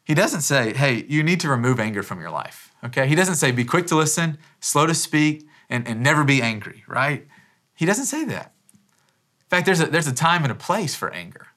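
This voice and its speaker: A man's voice: a little high, big pitch swings, moderate pace, fairly bright tone. A pastor in his thirties preaching a sermon in a casual, conversational way, often restarting phrases and dropping in "man" as an aside. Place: church.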